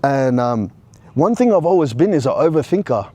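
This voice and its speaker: A man's voice: medium pitch, sing-song, moderate pace, mellow. A man casually recounting a personal story, with frequent restarts and plenty of "bro" and "you know". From Australia.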